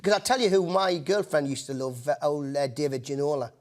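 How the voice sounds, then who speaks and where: A man with a Geordie accent talks fast in a high voice. He tumbles through his stories and keeps restarting his sentences. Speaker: comedian panelist.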